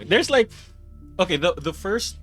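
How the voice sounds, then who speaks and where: A man's voice: high-pitched, expressive, unhurried, fairly bright tone, husky, faint music behind. A man hosting a live stream, rambling and laughing as he chats, then reading a document aloud. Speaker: streamer host.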